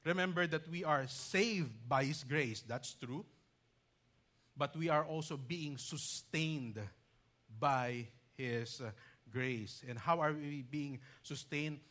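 A man's voice: a little high, slow pace, fairly bright tone. A man preaching a sermon, teacherly and emphatic, reading scripture aloud with rising force. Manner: teacherly, explains grammar with asides like "okay".

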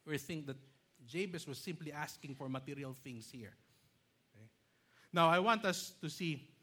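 A male pastor preaches a sermon with emphasis, slowly stretching key words and often checking in with "okay?" and "right?". His tone is a little high and fairly bright.

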